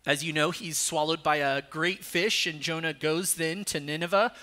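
Preaching at a normal speed, the pastor has a slightly high, sharp-toned voice with fairly level intonation. He alternates teaching points with scripture read aloud, and his pitch jumps sharply as he voices Jonah in anger.

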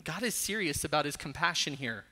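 A pastor preaches a sermon in a slightly high, expressive, somewhat quick voice with a sharp edge. Between teaching points he reads scripture aloud, and his voice rises sharply when he gives voice to Jonah's anger.

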